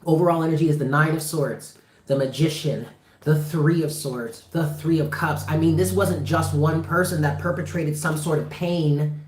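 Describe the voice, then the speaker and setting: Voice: medium pitch, normal speed, darkish tone, a little hiss or hum. Impassioned tarot reader in an echoey room. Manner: emphatic, impassioned, swears freely; repeats phrases for emphasis. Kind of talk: livestreamed tarot reading. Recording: roomy echo.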